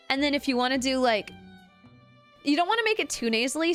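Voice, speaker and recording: High-voiced woman streamer teaching voice stuff, bouncy and playful, soft music behind. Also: quick pace. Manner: animated, demonstrates voices, laughs often. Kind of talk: casual live-stream lesson.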